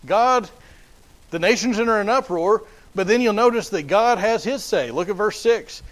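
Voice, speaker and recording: A man's voice: high-pitched, lively intonation, moderate pace, poor audio. A man preaching a sermon in an emphatic, repetitive way, often restarting his phrases.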